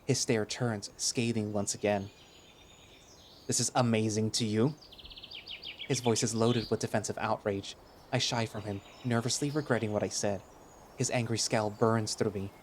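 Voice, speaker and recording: A man narrating a first-person audio drama in a wry, expressive way. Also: on the low side, normal speed, slight background noise. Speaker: narrator and lead voice.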